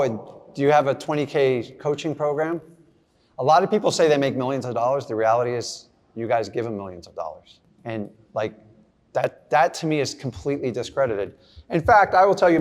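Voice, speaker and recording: A middle-aged man giving a blunt, casual motivational talk to a live audience, acting out little scenes. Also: medium pitch. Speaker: real estate investor speaking to an audience.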